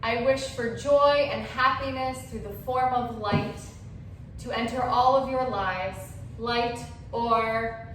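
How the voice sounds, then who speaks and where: Lady cantor teaching a lesson, high voice, unhurried, kinda roomy echo. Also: slight background noise. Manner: measured, carefully explaining. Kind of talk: explanatory lesson. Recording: roomy echoey sound.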